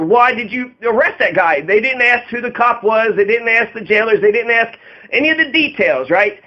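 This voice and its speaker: A man's voice: very high-pitched, dull audio. A man running for office, delivering a profane, aggrieved and rambling monologue full of fillers. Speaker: political candidate. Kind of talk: angry monologue about his arrests.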